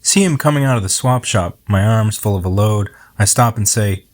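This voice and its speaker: A middle-aged man reading his own poem aloud, reflective and unhurried as he tells a story. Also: lowish voice. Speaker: poet.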